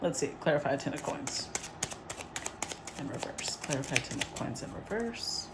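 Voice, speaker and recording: A woman giving a casual, rambling tarot reading, chatty and quick to laugh. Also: deep voice, very animated, heavy background noise. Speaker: tarot reader.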